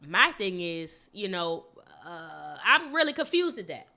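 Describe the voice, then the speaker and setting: A woman co-hosting a podcast in casual chat, blunt and animated, swearing freely. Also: fairly low pitch, a little slow. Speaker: podcast co-host.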